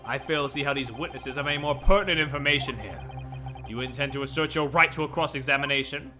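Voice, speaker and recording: A man's voice: medium pitch, quick pace, music in the background, close to an everyday voice. A man reading a video game aloud, voicing a stern, authoritative judge who gives formal warnings. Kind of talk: video game voice acting on stream.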